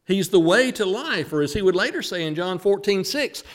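A man preaching a sermon, who slows down and leans hard on the words he wants to stress. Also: sits high, expressive.

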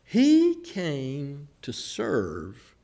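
A man preaching a sermon, retelling a scripture story with acted quotes and dramatic pauses. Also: on the high side, huge pitch swings, vocal fry, dark tone.

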